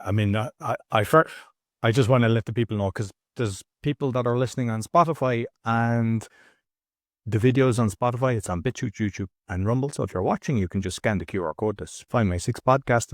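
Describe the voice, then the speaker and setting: A man's voice: on the low side, a little mellow, dry recording, studio quality. An Irish man hosting a podcast, reading an intro and chatting loosely with many restarts. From Ireland. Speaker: podcast host. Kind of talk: casual podcast interview.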